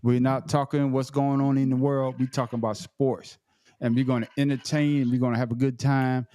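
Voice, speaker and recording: A man co-hosting a casual podcast, his voice sitting at an ordinary middle pitch and sounding dry and close to the mic. He gets loud and excitable and swears freely. He often repeats words while he finds his sentence. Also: normal speed, dry recording. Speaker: podcast co-host.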